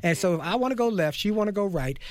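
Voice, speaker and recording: A man in his fifties hosting a faith-based talk show, speaking in an animated, preachy way and calling out to his audience. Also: sits high, fast, no echo. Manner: preachy, animated, calls out to folks. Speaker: host.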